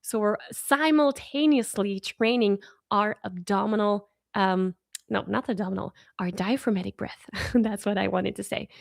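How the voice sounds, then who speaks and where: A woman leading a live-streamed singing warm-up as a vocal coach, encouraging and upbeat, praising her viewers often. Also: medium pitch, moderate pace, creaky, no room sound, studio quality. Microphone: in front of her own camera.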